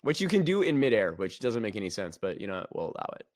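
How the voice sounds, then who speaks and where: A man co-hosting a gaming podcast, joking around and acting out characters in a lively way. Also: on the low side, fast, no room sound, studio quality. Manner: jokey, animated, acts out characters. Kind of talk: casual chat.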